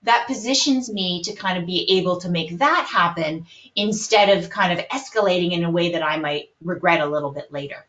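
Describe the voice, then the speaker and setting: A woman psychologist calmly explaining coping strategies in a webinar, hedging often with "kind of". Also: fairly low pitch, a little fast, hardly any pauses. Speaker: psychologist guest. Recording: roomy, dull lo-fi webinar audio.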